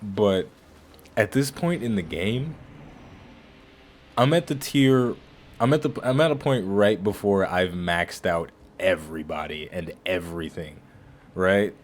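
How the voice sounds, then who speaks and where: A man's voice: low voice, slight background noise. A man hosting a video game playthrough, chatting casually and rambling, often restarting his phrases. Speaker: gaming channel host. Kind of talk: casual let's-play commentary.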